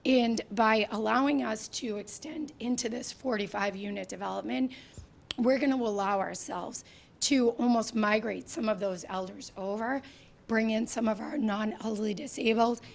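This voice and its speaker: Woman, hoarse and gravelly, soft-spoken, housing official at a town meeting, higher-pitched. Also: moderate pace. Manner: soft-spoken, earnest and insistent. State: lost her voice, hoarse. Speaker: housing authority director. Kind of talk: public meeting testimony.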